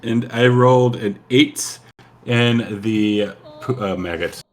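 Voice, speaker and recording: A man playing in a tabletop game who describes his moves in a slow, halting way with fillers. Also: medium pitch, a little hiss or hum. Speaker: player.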